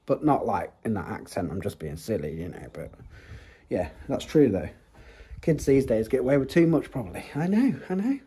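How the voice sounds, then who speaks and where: Man, husky voice, casual home vlog, jokey and rambling, phone mic in the kitchen. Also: medium pitch, huge pitch swings, a little fast, mellow. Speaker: family vlogger. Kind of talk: casual chat to camera. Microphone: handheld phone.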